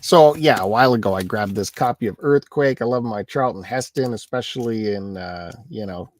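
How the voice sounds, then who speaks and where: A man co-hosting a live stream show, talking through his finds in a relaxed, matter-of-fact way. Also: lowish voice, moderate pace. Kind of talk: casual chat.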